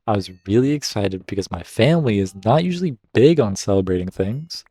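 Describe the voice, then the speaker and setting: A man with a lowish, mellow voice reads a story post aloud, then stops to cheer it on or react in casual asides. The sound is dry and close, with no room around it. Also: animated, brisk, dry recording. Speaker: Reddit story reader and gaming commentator. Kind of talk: reading stories aloud with casual commentary.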